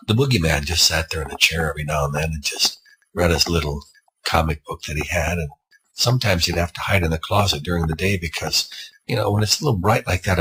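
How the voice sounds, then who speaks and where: A man's voice: sits low, sharp tone, a little hiss or hum, low-quality recording. A man telling an improvised spooky story in a rambling, conversational way, with asides.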